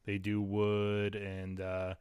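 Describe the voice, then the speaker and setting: A man's voice: on the low side, completely flat delivery, slow, crowd noise. Man hosting a rambling casual chat. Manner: rambling, full of fillers and restarts.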